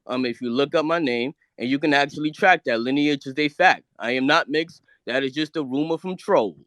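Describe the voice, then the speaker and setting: A man's voice: on the high side, fairly quick, a bit bright, no room sound. A man from the United States calling into a live audio room, arguing defensively with the host and talking over him. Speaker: caller. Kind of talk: heated call-in argument.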